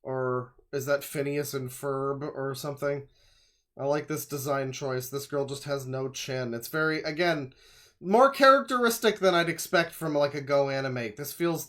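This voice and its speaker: A man's voice: on the high side, normal speed, a bit bright. Sarcastic rambling male streamer. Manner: rambling, sarcastic, swears often. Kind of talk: livestream reaction commentary.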